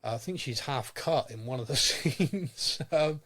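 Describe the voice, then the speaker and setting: Man, podcast co-host, casual rambling chat, restarts sentences, mid-pitched. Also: animated, unhurried, a bit bright. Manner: rambling, repeats words when starting sentences.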